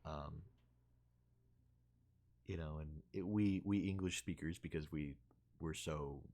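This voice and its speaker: Deep-voiced man rambling casually. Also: slow, a little mellow. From United States. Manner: rambling, thinking aloud with many fillers and restarts. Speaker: streamer. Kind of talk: casual chat with viewers.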